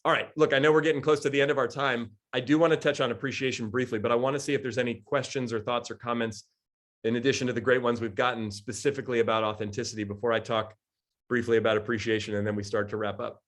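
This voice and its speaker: A man in his forties giving a lively coaching talk to a group, answering questions and acting out little quoted exchanges. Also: medium pitch, fast talker. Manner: lively, acts out quoted voices, laughs often. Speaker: coach and speaker.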